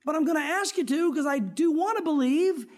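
A man's voice: very high-pitched, brisk. A male pastor delivering a sermon in a loose, conversational way. He talks to the congregation like old friends and slips into dramatic prayer voices to make his points.

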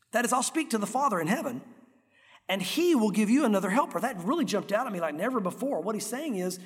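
Middle-aged pastor guy preaching, high voice, lots of hall reverb. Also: quick pace. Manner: earnest, animated, acts out crowd voices. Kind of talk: sermon. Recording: echoey hall with long reverb.

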